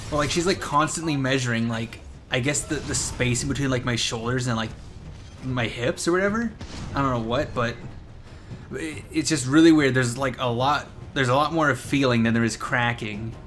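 A man's voice: mid-range voice, normal speed, fairly bright tone. A young man telling a story in casual, rambling gameplay commentary, swearing and laughing a lot. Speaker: gaming commentator. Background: game sounds and music.

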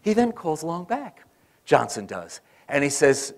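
Animated male lecturer telling stories. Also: a little high, a little slow. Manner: animated storyteller acting out quoted voices. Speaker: political science lecturer. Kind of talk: conference lecture with storytelling. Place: conference hall.

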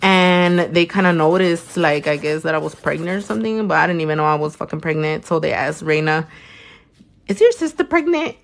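A young woman, a nail technician chatting casually on a livestream while she works. She tells stories animatedly, swears freely and jumps into squeaky high voices. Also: fairly even intonation, fairly quick, creaky, few pauses.

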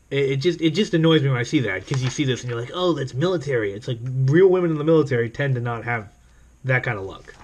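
A man reviewing a comic book in casual video commentary, rambling and sarcastic, with many fillers and laughs. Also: medium pitch.

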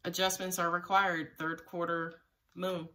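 A woman's voice: lowish voice, little pitch movement, a little slow, pushed and bright, recorded from a distance. A woman giving a live tarot reading to her viewers, talking casually with plenty of swearing and frequent laughter. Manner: casual and profane, laughs often, talks straight to viewers. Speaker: tarot reader.

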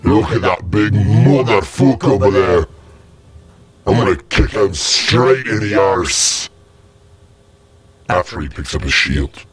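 A man's voice: on the low side, lively intonation, takes it slowly, pauses often, music in the background, voice pushed down. A man putting on the voice of a crude, swaggering brawler. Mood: cocky. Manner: swaggering, coarse.

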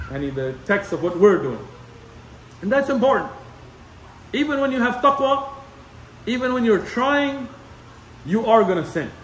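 A man delivers a conversational Islamic lecture, repeating his points and dropping in Arabic terms. His voice sits very high and swings widely in pitch. He sounds set back from the mic in an echoey room with faint background noise. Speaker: imam lecturer.

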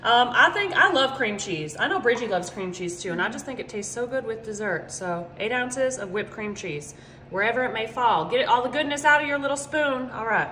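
A high-pitched woman with a drawl chats her way through a home cooking demo. She rambles casually and keeps calling viewers "y'all." The kitchen sounds roomy and echoey, with a faint hum behind her. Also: animated, brisk, pushed and bright.

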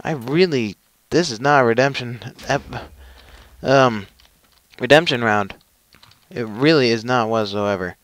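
A man's voice: mid-range voice, a little slow, long pauses, a bit bright, no room sound. A young man commentating his own gameplay, with frustrated, self-mocking outbursts. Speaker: gaming channel host.

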